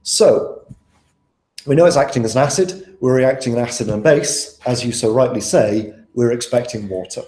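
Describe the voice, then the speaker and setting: A young man tutors students through an exam paper in an easygoing, chatty way, often turning questions back to them. His voice is mellow and of middle pitch. The sound is roomy and echoey. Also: normal speed. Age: young adult. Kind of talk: live online tutoring session.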